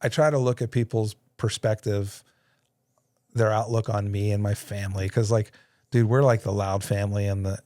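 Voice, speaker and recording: A man's voice: lowish voice, fairly even intonation, moderate pace, darkish tone, no room sound. A man in his thirties hosting a casual studio talk, telling a story with lots of laughter and acted-out voices. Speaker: podcast host. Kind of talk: casual conversation.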